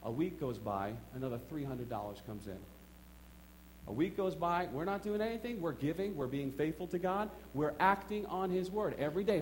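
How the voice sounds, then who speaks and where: A middle-aged man preaching a sermon in a church, telling a personal story with emphatic swings between quiet asides and excited outbursts. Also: a little high, moderate pace, slight background noise. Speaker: pastor.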